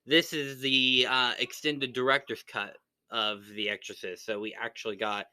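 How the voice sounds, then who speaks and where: A man with a very bright, dry-sounding voice chats casually while unboxing films. He gets animated and rants when he goes off on a tangent. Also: medium pitch, normal speed, clean tone, no echo. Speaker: co-host of unboxing channel.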